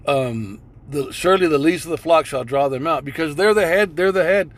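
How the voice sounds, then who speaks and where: A man's voice: fairly high pitch, normal speed. A man giving profane religious commentary over video clips, reading scripture and repeating phrases like a preacher.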